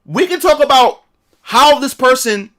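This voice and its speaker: A man's voice: very high-pitched, expressive, measured pace, a bit bright. A man telling a story in a casual livestream rant, profane and repetitive. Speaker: streamer.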